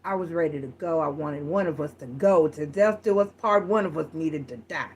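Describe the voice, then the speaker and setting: Woman voicing a bitter little old lady: quiet, blunt, lowish, barely acted. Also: normal speed, husky. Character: embittered little old woman, worn down by marriage.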